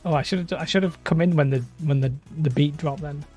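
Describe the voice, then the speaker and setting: A young man with a fairly high, slightly mellow voice streams live from his hobby room. He chats in a rambling, casual way, often cutting himself off mid-sentence, while faint music plays in the background.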